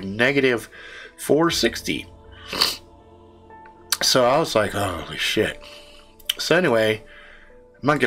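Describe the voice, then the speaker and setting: A man talks casually on his live stream, swearing freely as he rambles through a story. His pitch swings up and down with lively animation, and faint music plays behind him. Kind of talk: casual chat.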